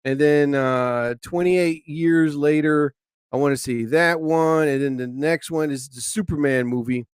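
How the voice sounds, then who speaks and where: A man hosting his own live stream in a loose, rambling way, with quick flashes of frustration and swearing. His voice sits fairly high, and the recording is dry and close. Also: clean tone, dry recording. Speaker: live show host.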